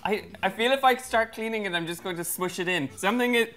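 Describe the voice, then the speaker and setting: A man's voice: sits high, fast, pushed and bright, slight background noise. A man guesting on a casual video, jokey and laughing as he chats. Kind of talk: casual chat.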